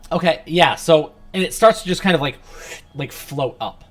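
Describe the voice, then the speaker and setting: A man's voice: fairly high pitch, moderate pace. A man narrating a tabletop game as game master, rambling with many fillers and restarts, into a home microphone with a pop filter.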